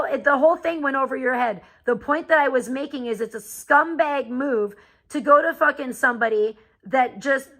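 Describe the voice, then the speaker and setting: A woman's voice: sits high, bright, forceful tone, poor audio. A woman live streamer ranting to her chat in a heated, profane, confrontational way. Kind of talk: angry live-stream rant.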